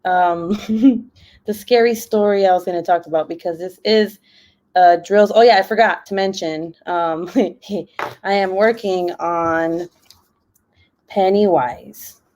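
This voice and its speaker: A woman's voice: fairly low pitch, takes it slowly, a little mellow, a little hiss or hum. Giggly chatty woman livestreaming. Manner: giggly, chatty, laughs often. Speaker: craft livestream host. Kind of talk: casual livestream chat.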